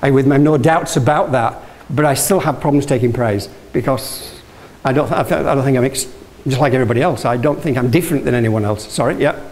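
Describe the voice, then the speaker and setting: A Yorkshire man appears as guest speaker giving a motivational talk, telling anecdotes, asking the audience questions, and often restarting or correcting himself. His mid-range voice is a bit fast with a darkish tone, and the audio is poor.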